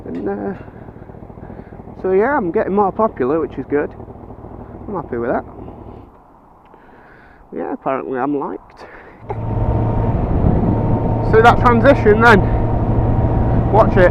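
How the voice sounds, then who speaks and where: A young man chatting excitedly and swearing a lot as he tells funny stories and jokes to the camera. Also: high-pitched, a little slow, long pauses, dull audio, noisy background. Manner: excitable and sweary, laughs often. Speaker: motovlogger. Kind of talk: casual chat.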